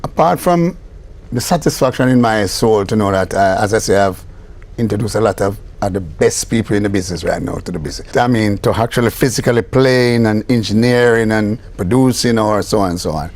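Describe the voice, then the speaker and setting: Older Jamaican man telling lively stories. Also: on the low side, a little fast. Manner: animated storyteller who acts out quoted voices, laughing often. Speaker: reggae producer, interview guest. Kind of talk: casual storytelling interview.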